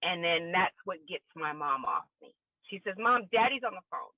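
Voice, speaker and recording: A woman's voice: lowish voice, lively intonation, moderate pace, dry recording. Woman telling her story on a tinny phone line. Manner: candid, emotional storytelling. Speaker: guest. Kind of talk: personal testimony in a podcast interview.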